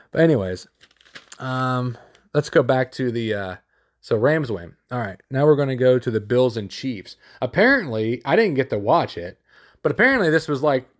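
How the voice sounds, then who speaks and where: Male sports podcast host: casual, blunt, rambly delivery, full of ums and restarts, mid-pitch voice. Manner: rambling, with many fillers and restarts; blunt and opinionated, with casual slang. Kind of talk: casual solo sports commentary.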